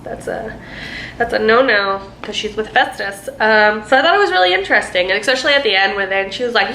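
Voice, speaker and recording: A woman's voice: fairly high pitch, lively intonation, a little fast, bright, forceful tone. Chatty young woman in an echoey room. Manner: chatty, rambling, lots of fillers, acts out quotes. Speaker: booktuber. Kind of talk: casual book review. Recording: echoey room, faint noise.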